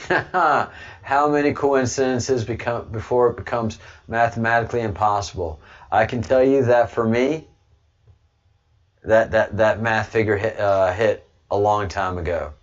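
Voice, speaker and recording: A man's voice: on the low side, measured pace, muffled recording. A man hosting a livestream, talking casually to viewers in a rambling way with frequent restarts. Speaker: livestream host.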